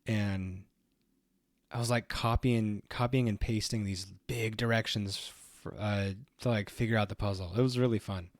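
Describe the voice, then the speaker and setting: A man's voice: lowish voice, fairly even intonation, normal speed, dry recording. A man casually chatting to his viewers while streaming a video game, in a rambling, easygoing way. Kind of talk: casual let's play commentary.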